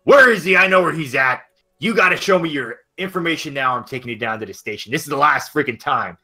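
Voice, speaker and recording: A man's voice: on the high side, lively intonation, quick pace, bright, forceful tone, soft background music. A man voicing a brutal, bullying male cop who barks threatening orders.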